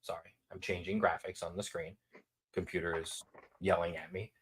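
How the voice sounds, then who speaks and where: A man hosting a sports talk show, giving his betting picks in a lively, repetitive, hyped-up way. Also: low voice, normal speed, husky. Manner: animated, repetitive, hypes picks.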